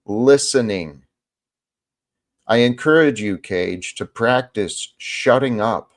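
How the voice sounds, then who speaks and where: A man hosting a casual online chat, speaking in a measured, scolding way. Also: mid-range voice. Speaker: host.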